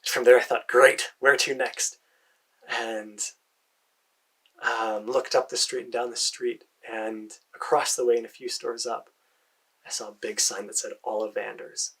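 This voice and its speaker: An American man narrates his own fantasy adventure in the first person, his voice husky and breathy. He talks in a hesitant way, with fillers and soft muttered asides. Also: fairly low pitch, flat delivery, a little slow, rough recording. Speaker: storyteller.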